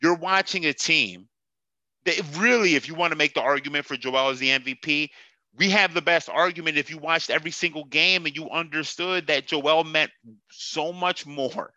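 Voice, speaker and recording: Sarcastic, bright-voiced ranting man. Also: a little high, moderate pace, no room sound, muffled recording. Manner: profane, sarcastic, mocking, laughs at himself. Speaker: podcast host. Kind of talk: heated sports podcast rant.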